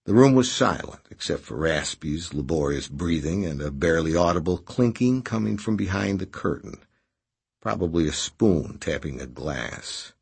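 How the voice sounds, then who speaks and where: A man narrating a story in a measured, expressive way. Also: sits low, vocal fry, slightly rough. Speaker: audiobook narrator. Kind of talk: scripted narration.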